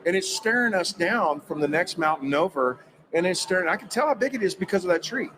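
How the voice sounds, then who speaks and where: A man telling an animated story about a personal experience, acting out quoted dialogue with emphatic energy. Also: high-pitched, a little fast, a crowd in the background, low-quality recording. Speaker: guest recounting a personal experience.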